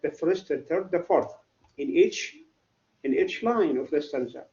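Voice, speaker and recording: Slow, male teacher in echoey classroom. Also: on the high side, animated, mellow, dull audio. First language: Arabic. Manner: repetitive, quizzes students with "what?". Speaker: English literature teacher. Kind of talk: classroom lecture.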